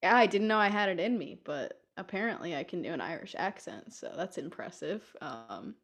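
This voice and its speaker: A woman's voice: lowish voice, expressive, moderate pace, fairly bright tone. A young woman co-hosting a casual podcast chat, telling stories and laughing often. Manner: laughs often, chatty and storytelling. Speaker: podcast co-host.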